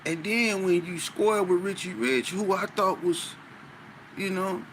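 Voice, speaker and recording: A man's voice: high-pitched, measured pace, slight background noise. A man in casual conversation, animatedly telling a story with speech. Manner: animated, with frequent "you know what I'm saying". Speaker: podcast guest.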